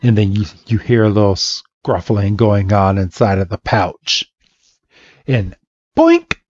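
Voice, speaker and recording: A man hosting a podcast, casually retelling a story and acting out every character in an animated way. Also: on the low side, measured pace, dry recording. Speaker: podcast host. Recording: dull lo-fi dry podcast mic.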